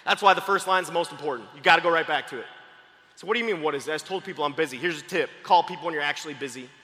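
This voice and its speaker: A high-voiced man pumps up a crowd with a motivational sales training talk, fast-talking and excitable, often breaking into shouts. His voice is very bright and sharp, and it rings out with long reverb through a large hall.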